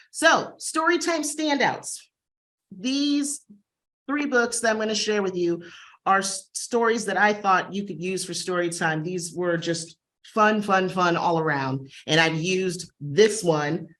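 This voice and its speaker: A woman librarian giving a chatty, enthusiastic booktalk on a video call webinar. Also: lowish voice. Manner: enthusiastic, chatty, acts out dog sounds.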